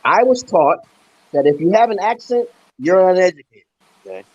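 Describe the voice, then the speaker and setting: A husky, slightly high-pitched man from Brooklyn talks on a live stream, giving advice in an emphatic, lecturing way and peppering his points with "okay". His voice sits dry and a little muffled, with no room around it. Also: very animated, normal speed, no room sound. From Brooklyn, New York, USA. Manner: emphatic, keeps checking in with "okay". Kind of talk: casual teaching chat.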